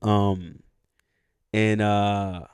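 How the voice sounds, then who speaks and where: A man's voice: on the low side, flat delivery, extremely slow, a little mellow, smooth, dry recording, clean studio sound. A man co-hosting a podcast, telling a long story in casual chat, rambling with fillers and street slang, often quoting people mid-story. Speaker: podcast co-host.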